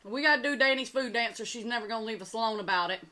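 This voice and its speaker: A woman's voice: a little high, racing, bright, forceful tone. A woman hosting an eating show, chatting casually and talking straight to her viewers. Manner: chatty, addresses viewers as y'all. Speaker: mukbang channel host.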